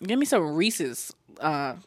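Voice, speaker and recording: A woman's voice: deep voice, big pitch swings, slow, no room sound, clean studio sound. A woman co-hosting a casual chat, laid-back, teasing and profane.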